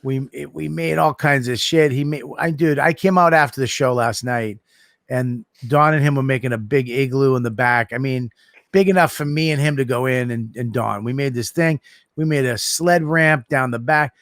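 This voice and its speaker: A middle-aged man co-hosting a podcast, telling animated, profane stories in casual chat. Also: mid-range voice, normal speed, no echo, clean studio sound. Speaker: podcast co-host.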